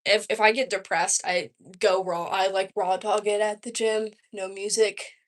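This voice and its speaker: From her home, a young woman from Georgia, USA, answers livestream viewers' questions in a rambling, chatty way full of "like." Her mid-range voice keeps a level tone at a normal speed.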